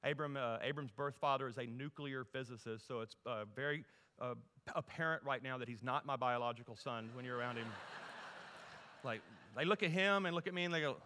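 A middle-aged man from Louisiana, preaching a humorous storytelling sermon that moves from loud to hushed. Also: medium pitch, fairly quick. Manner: animated, humorous, folksy, shifts from loud to hushed. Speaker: guest preacher. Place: church sanctuary. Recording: long reverb in a large hall.

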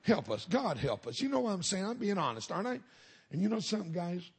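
A man's voice: sits high, very animated, fast talker, breathy edge. A middle-aged man, a minister giving a humorous testimony sermon in a folksy storytelling way with punchlines.

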